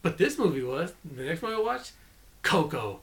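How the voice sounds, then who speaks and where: Male movie reviewer, slightly higher pitch, chatty and enthusiastic, restarts sentences often. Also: sing-song, normal speed, gravelly, fairly bright tone. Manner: enthusiastic, rambling, self-correcting. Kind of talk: casual spoken review.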